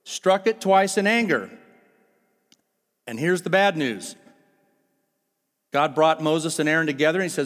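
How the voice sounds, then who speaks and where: Animated male preacher in a reverberant hall. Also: fairly high pitch, unhurried, pauses often. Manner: animated, rhetorical questions to the congregation. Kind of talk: sermon. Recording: long hall reverb with faint music.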